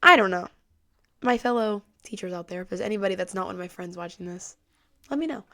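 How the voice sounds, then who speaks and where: A woman's voice: mid-range voice, fast talker, bright, forceful tone. A teenage girl hosting her own podcast, rambling in a casual way with lots of "like" and "um". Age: teens. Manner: rambling, heavy use of "like" and "um". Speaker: podcast host. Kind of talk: casual solo podcast chat.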